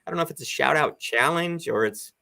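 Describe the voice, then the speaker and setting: A man in his fifties chats over a video call with a gravelly, fry-edged voice. His tone is bright and forward as he rambles on with enthusiasm, piling one thought onto the next. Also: a little high, a little fast. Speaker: guest on a live stream chat. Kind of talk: casual chat.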